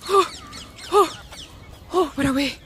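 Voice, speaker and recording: A young Scottish woman streaming from a city park on a handheld phone, chatting excitedly to the birds and her viewers. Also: high-pitched, takes it slowly. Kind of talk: casual outdoor stream chat. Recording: outdoor phone stream with noise.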